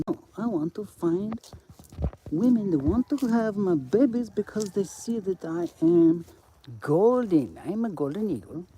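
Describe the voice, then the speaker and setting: A man's voice: sits high, noisy background. A man talking on a live stream in a rambling, profane monologue that jumps from topic to topic.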